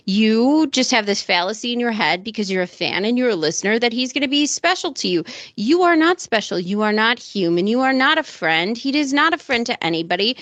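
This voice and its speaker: A woman's voice: on the high side, a bit bright, dry recording. A woman co-hosting a casual podcast, talking in an emphatic, exasperated way. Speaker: podcast co-host.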